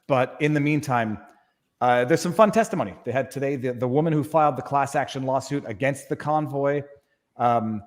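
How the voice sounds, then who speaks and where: Speaking at a normal pace in a mid-range voice, a YouTube lawyer joins a live stream as a guest for a casual panel chat. He jokes around and wanders off into asides, and the audio has a big-room sound.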